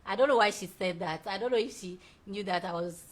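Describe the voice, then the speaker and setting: Talking fast in a mid-range voice, this young female show host reads out viewer comments during casual live-show chat. She's effusive and laughs frequently.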